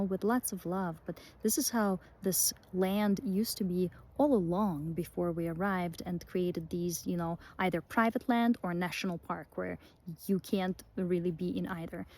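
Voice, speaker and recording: A woman's voice: fairly low pitch, warm tone. A woman rambling casually and emotionally in a spiritual vlog, with many fillers and restarts, talking outdoors in a pine forest. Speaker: vlogger.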